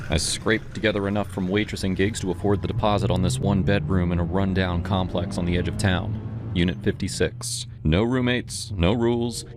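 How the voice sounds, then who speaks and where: A man reading a scripted first-person horror story in a dramatic, tense way. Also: low-pitched.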